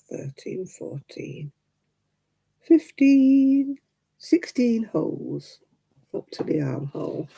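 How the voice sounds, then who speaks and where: A woman's voice: fairly low pitch, vocal fry, dark tone, husky, low-quality recording. A middle-aged woman, hosting a homely livestream and chatting with viewers while she crochets. She laughs often and counts her stitches aloud. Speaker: livestream host. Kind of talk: casual chat while crocheting, answering viewers.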